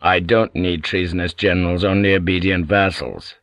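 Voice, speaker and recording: A man voicing an aging warlord in an audiobook, measured, authoritative and sly. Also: sits low, fairly even intonation, fairly bright tone, no echo. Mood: scheming. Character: aging male warlord, cunning and commanding. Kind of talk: audiobook character voice.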